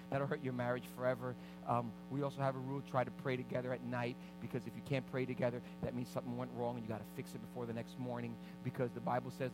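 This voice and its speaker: A man preaching, a pastor telling a personal story in an animated way and acting out the scenes. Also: mid-range voice, poor audio. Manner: animated, reenacts scenes loudly. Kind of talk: storytelling sermon. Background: background music.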